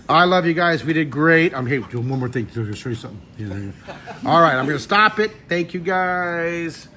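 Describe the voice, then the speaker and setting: Excitable man hosting a live drawing stream. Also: fairly high pitch, normal speed, a crowd in the background. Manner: excitable, jokey, bursts into loud delighted exclamations. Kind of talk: lively live-stream chat with fans. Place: a restaurant.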